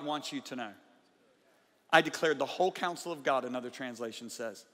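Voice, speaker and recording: A man preaching a conference sermon, emphatic, swinging from loud bursts to quiet intensity. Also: medium pitch, brisk. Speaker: guest preacher. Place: large church conference hall. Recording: live hall with long reverb.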